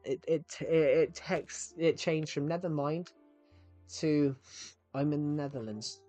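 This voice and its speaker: A man's voice: a little high, fairly even intonation, a little slow, warm tone, soft background music. A man streaming a game live, chatting to viewers in a rambling way and often cutting himself off mid-sentence. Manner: rambling, chatty, self-interrupting. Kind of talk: casual live-stream chat.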